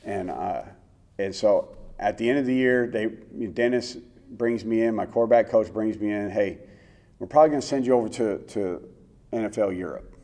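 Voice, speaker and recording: Earnest, mellow-voiced middle-aged man. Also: lowish voice, moderate pace. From United States. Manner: earnest, animated storyteller with many fillers. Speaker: former NFL quarterback, interview guest. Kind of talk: storytelling in a sit-down interview.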